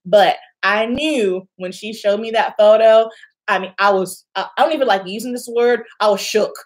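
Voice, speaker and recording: A woman's voice: mid-range voice, moderate pace. A young woman telling a personal story to camera in a casual vlog, acting out the voices of the people in it. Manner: animated, acts out quoted voices, laughs often. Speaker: beauty vlogger.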